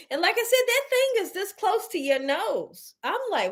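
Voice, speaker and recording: A woman hosting a cooking livestream, telling a story to her viewers in a lively, animated way and laughing often. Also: very high voice, moderate pace, hardly any pauses. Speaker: cooking channel host on a livestream. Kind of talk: casual livestream chat with viewers.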